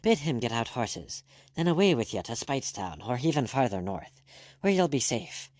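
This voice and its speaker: A man's voice: mid-range voice, sing-song, moderate pace, a little mellow, no room sound, clean studio sound, close to an everyday voice. A man voicing a curt, commanding doctor who snaps out orders. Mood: urgent. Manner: snappish, peremptory.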